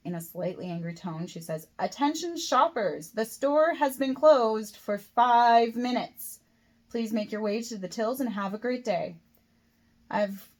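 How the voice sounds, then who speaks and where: A woman's voice: on the low side, a little mellow. Woman reading her own novel aloud. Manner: plain reading with occasional slips and restarts. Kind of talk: first-person audiobook narration.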